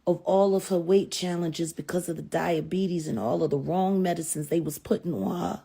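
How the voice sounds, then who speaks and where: A middle-aged woman giving a heated, profane live stream rant that swings between sharp insults and weary muttering. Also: on the low side, moderate pace, gravelly, breathy edge.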